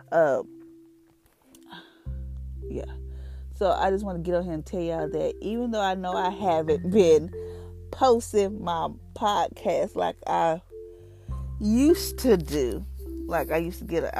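Low-voiced woman giving a devotional talk. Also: normal speed, pauses often, dark tone, faint music behind. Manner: earnest, rambling, repeats phrases. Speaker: podcast host.

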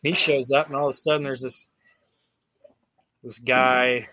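A podcast host with a mid-range, fairly flat voice speaks at a measured pace in a sharp tone, rambling through a profane story full of fillers and restarts. It's a casual recap chat, with a little hiss or hum in the recording.

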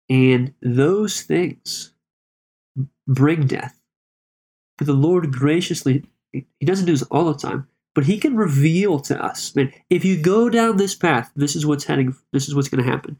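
A man discussing a Bible passage in relaxed conversation, talking with frequent restarts and self-corrections. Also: fairly high pitch, husky. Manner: conversational, halting, with many restarts. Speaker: Bible study co-host.

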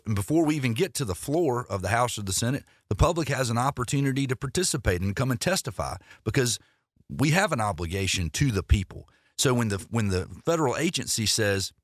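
A man on a talk radio panel with a Southern American accent, explaining his view in a measured way. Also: medium pitch, no echo, clean studio sound.

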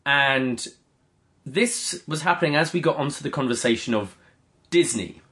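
A man co-hosting a podcast, chatting in a relaxed, easy way. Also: medium pitch, moderate pace. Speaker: podcast co-host. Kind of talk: casual chat.

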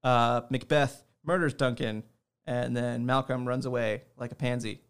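A man in a relaxed interview, telling stories about himself with self-deprecating humor and frequent laughs. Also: medium pitch, moderate pace, clear, resonant tone. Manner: laughs often. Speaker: interview guest. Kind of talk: casual chat.

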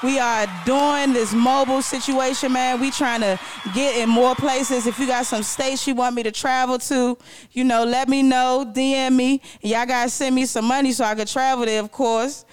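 A woman hosting a live radio show, telling a story with loose, animated slang-heavy delivery. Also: high voice, normal speed. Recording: music playing behind.

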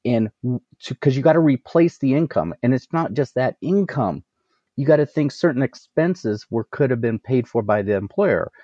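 A man giving energetic business advice as a coach, asking rhetorical questions and laughing at himself. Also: medium pitch, normal speed, no room sound, dull audio. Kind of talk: casual business interview.

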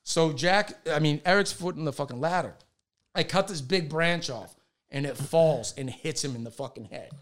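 A man's voice: a little high, normal speed. A man, a stand-up comedian co-hosting a podcast, telling a story in casual, profane chat. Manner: animated, swearing, laughing storyteller. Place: small podcast studio.

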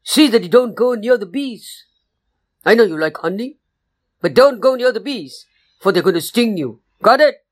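A woman's voice: a little high, animated, normal speed, voice pushed up. A woman voicing a busy, serious but caring mother bear in a children's story. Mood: cautioning. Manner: firm, cautioning. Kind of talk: storytelling performance.

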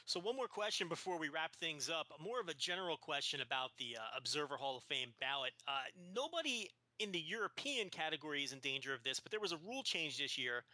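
A man hosting a podcast asks his guest a question in a methodical, measured way. His voice sits fairly high and sounds very bright and forceful. The recording is dry and close. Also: sing-song, no room sound. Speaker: podcast host.

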